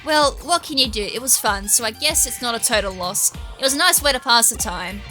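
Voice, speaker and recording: A woman's voice: a little high, animated, fairly quick, sharp tone, soft background music. An Australian woman reading the lines of an eager, impatient young male comics fan in a game. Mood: disappointed.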